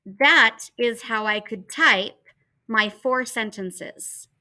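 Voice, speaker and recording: A woman teacher leads a children's writing lesson from home, speaking very slowly and spelling out each letter. Her voice is bright and a little high. It is picked up by a laptop microphone. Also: poor audio. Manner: patient, spells out letters and steps aloud. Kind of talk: slow, careful online writing lesson for children. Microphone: laptop computer mic.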